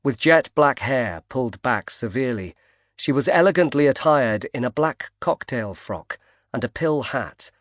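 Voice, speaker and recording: Male audiobook narrator, steady measured read, mid pitch, dry close sound. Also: no echo. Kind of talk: scripted narration.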